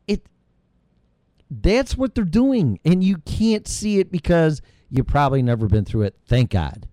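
A man's voice: fairly high pitch, very animated, unhurried, warm tone, dry recording, clean studio sound. A middle-aged man hosting his own show, delivering a heated, rambling monologue full of profanity. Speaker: show host. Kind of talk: ranting monologue.

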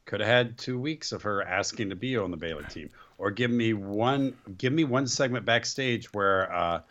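Male co-host, low-pitched with a bright, punchy tone, reactive banter. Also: lo-fi sound, a little hiss or hum. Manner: chiming in with quick reactions. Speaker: wrestling podcast co-host. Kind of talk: casual chat.

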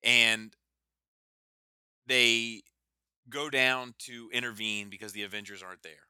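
A man's voice: medium pitch, slow pace, smooth, dry recording, clean studio sound. A man in casual chat, animatedly retelling a comic book scene, laughing and swearing as he goes. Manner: animated storyteller, reads out lines with laughs and swearing.

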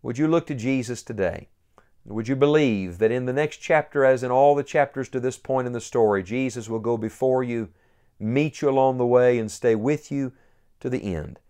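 A man's voice: mid-range voice, moderate pace, mellow, clear, resonant tone. A man preaching a sermon, earnest and building to emphatic peaks.

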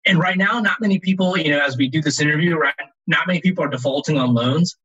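Man, husky bright voice, animated interview guest; dull lo-fi recording. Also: on the high side, fast. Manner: animated, rambling with restarts. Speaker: guest, loan advisor. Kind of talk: casual interview talk.

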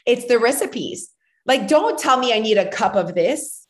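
Animated woman telling stories. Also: a little high, unhurried. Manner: animated storyteller, acts out quotes, laughs often. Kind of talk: casual chat.

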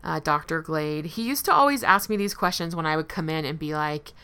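A woman with a slightly low, smooth and resonant voice speaks candidly to her listeners about recovery. She keeps it conversational and laughs lightly at herself now and then. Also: a little fast, sharp tone. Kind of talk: personal recovery talk to listeners.

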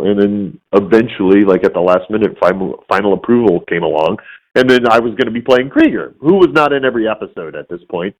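A man's voice: mid-range voice, fairly quick, dull audio. A man, a voice actor guest in a casual interview, telling stories and acting out the voices of people he quotes. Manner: animated storyteller who acts out quoted voices.

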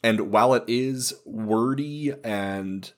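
A man hosting a casual book discussion podcast, explaining things in a relaxed way and laughing easily. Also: mid-range voice, takes it slowly.

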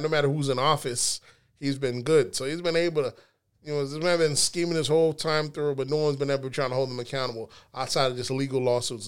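A man hosting a casual podcast chat, talking in slangy, animated rants. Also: medium pitch, clear, resonant tone. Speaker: podcast host.

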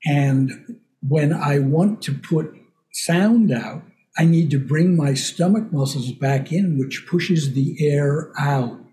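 Older man, voice coach, podcast chat, mellow, slightly high voice, patient explaining. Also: takes it slowly. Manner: explains patiently with spoken examples. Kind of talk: casual podcast conversation.

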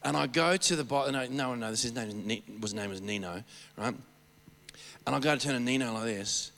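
A man preaching a sermon, telling stories in an animated, rambling way with many restarts. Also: mid-range voice, a little fast, vocal fry, big-room sound. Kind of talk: storytelling sermon.

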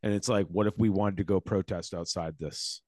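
A man's voice: low voice, fairly even intonation, normal speed, darkish tone, no echo. A man with a Boston accent co-hosting a podcast, reading a news article aloud and breaking into impassioned, profane commentary. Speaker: podcast co-host.

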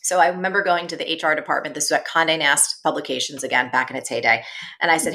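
A woman guest on an interview show, telling her story in a lively, animated way. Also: sits low, fast talker. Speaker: guest, entrepreneur and business coach.

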